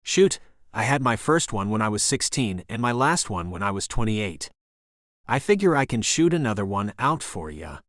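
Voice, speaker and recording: A man's voice: on the low side, big pitch swings, normal speed, a bit bright, dry recording. A man voicing a pushy, chatty woman caller in a romance audiobook, rambling and boastful in a dry close recording. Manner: rambling, boastful, talks over others. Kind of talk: audiobook narration.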